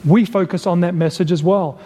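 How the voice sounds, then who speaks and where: A man preaching a sermon, deliberate and emphatic, repeating key phrases and asking rhetorical questions. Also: high voice, steady tone, mellow. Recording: long hall reverb.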